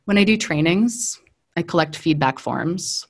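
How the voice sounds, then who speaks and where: A woman's voice: lowish voice, measured pace, breathy edge. A woman in her thirties, a data trainer chatting casually on a podcast and acting out the voices in her stories. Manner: animated storyteller, acts out quoted voices, laughs often.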